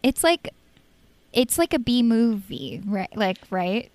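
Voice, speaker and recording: A woman's voice: fairly high pitch, big pitch swings, slow pace, darkish tone. A woman co-hosting a film podcast in casual chat, giggly and full of "like" fillers. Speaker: podcast co-host.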